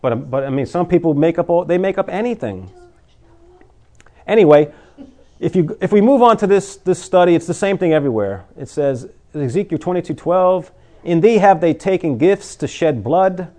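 A man's voice: fairly high pitch, lively intonation, fairly quick, darkish tone. A man preaching an informal sermon to his congregation, conversational and full of rhetorical questions, at times laughing at his own jokes.

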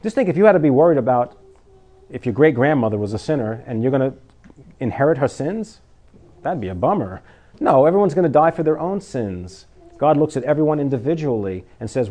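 Casual preaching man, medium pitch. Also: big pitch swings, a little fast, warm tone. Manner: conversational, rhetorical questions, laughs at own jokes. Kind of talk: informal sermon.

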